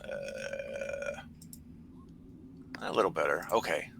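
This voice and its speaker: A man's voice: very deep voice, lively intonation, slow pace, creaky, a bit bright, a little hiss or hum. A man playing in a tabletop game, talking in an eager, direct way. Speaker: player. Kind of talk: casual tabletop game chat.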